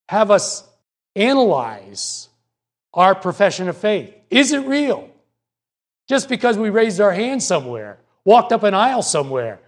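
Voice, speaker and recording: A man preaching a sermon as pastor, measured and repeating his key points for emphasis. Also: high-pitched.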